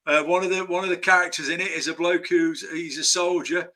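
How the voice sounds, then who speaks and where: A man with a very bright, fairly high voice chats as a screenwriter guest. He tells rambling, anecdote-driven stories and keeps breaking off to restart his sentences. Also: fairly even intonation, a little fast. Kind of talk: casual interview chat.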